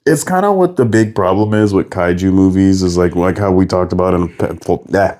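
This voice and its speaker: A man's voice: low-pitched, brisk, darkish tone. A man co-hosting a casual podcast chat, loose and slangy in how he tells things. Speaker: podcast co-host.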